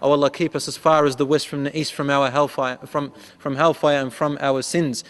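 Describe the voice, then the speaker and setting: A man preaching a sermon, telling a story and acting out its dialogue with a rising voice, reciting prayers quickly. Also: fairly high pitch, flat delivery. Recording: long hall reverb.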